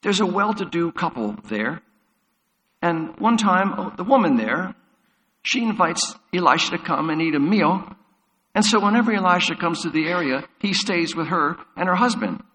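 A man's voice: high voice, expressive, normal speed, a bit bright. A man preaching a sermon as a pastor, retelling Bible stories vividly. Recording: long hall reverb.

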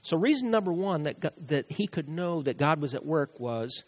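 A male pastor preaching a sermon, animated, with sudden rises and soft drops. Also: a little high, moderate pace.

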